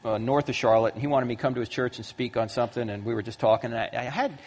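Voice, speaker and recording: A man in his fifties giving a lively talk to a live audience in a large hall, acting out the voices in his stories. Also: medium pitch, very fast. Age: 50s. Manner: lively storyteller who acts out quoted voices. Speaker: Christian apologetics speaker. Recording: long hall reverb.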